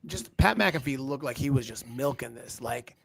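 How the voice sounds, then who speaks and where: A man's voice: medium pitch, normal speed, creaky. A man co-hosting a wrestling review show, swearing freely and acting out the people he talks about. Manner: profane, animated, mimics people, laughs often. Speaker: podcast co-host. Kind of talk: casual wrestling review chat.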